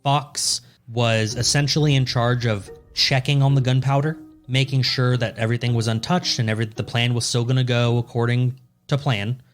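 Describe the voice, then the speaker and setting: A man's voice: mid-range voice, fairly even intonation, normal speed, soft background music. Swearing, easygoing male podcast co-host. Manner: swears freely, joking and loose. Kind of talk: casual storytelling chat.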